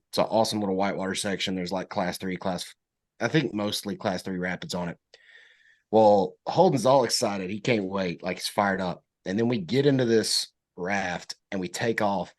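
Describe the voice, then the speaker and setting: A young man, a podcast guest telling a story in casual chat, animated and acting out quotes. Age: young adult. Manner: animated storyteller, acts out quotes in high voices.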